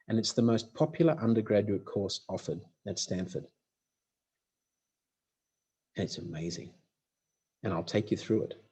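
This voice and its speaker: A man's voice: medium pitch, darkish tone, breathy edge. A man giving a motivational talk from a stage, punchy and humorous as he tells stories. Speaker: speaker.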